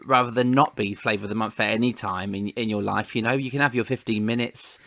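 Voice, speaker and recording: A man's voice: fairly low pitch, fairly even intonation, fast talker, gravelly, fairly bright tone. A middle-aged man hosting a casual chat interview, talking in a rambling way and laughing often. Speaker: podcast host and entertainer.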